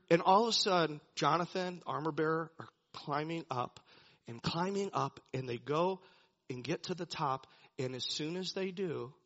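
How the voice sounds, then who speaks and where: High bright-voiced man preaching. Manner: animated storytelling, chuckles between lines. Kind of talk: sermon, retelling a Bible story. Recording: dull lo-fi recording.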